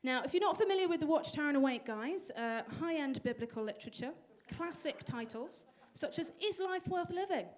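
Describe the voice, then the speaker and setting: A young woman from England performing a stand-up comedy set with a dry, self-deprecating delivery and sudden high bursts. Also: expressive, a little fast, few pauses. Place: comedy venue stage. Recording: live audience laughter.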